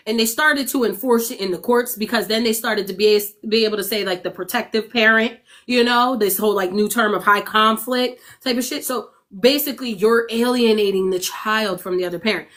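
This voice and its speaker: A woman's voice: fairly high pitch, fairly bright tone. Blunt, profane woman venting on a livestream. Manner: emphatic, asks the audience for agreement. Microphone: streaming setup.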